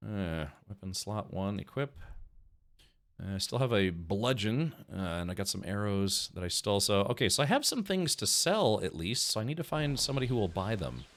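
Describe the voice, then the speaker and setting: A man's voice: on the low side, sing-song, moderate pace, a bit bright. A man streaming a video game, casually thinking aloud and chatting with viewers in a rambling way. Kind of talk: casual gameplay commentary.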